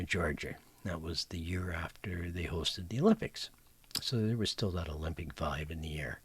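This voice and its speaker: A middle-aged man telling a joke in a relaxed, folksy, homespun style. His voice is very low and deeply husky, rough around the edges. He often sinks into a near-whisper as he tells it. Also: no room sound. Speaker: comedy show host.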